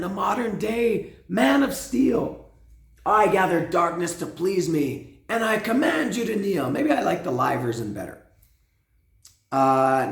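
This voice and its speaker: A man hosting a casual spoken album review, his voice hoarse and cracking, rambling with restarts and humming along. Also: mid-range voice, a little mellow. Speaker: host. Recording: echoey room.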